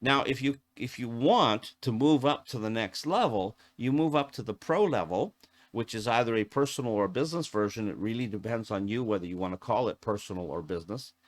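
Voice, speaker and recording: A man's voice: medium pitch, expressive, fairly quick. A man teaching as an AV technician in a casual, chatty tutorial, often stopping to restart a phrase. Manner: chatty, self-interrupting with fillers and restarts. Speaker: AV technician instructor.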